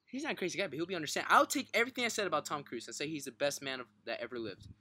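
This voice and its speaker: Racing along in a voice on the high side, a male podcast co-host jokes around and swears freely. His speech is thick and mumbled, words running together, and he's excitable and quick to laugh throughout the casual banter.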